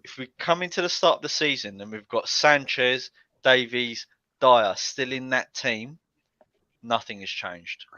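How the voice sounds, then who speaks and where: A man's voice: mid-range voice, a little slow, bright, forceful tone, no room sound. A man guesting on a casual podcast chat, hesitant and often restarting his sentences. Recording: dull lo-fi dry sound.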